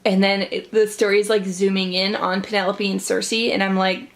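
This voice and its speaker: A young woman book vlogger chats casually in a reading vlog, gushing, swearing lightly, and saying "like" a lot. Her mid-range voice has a level tone, and she talks fairly quickly with hardly any pauses.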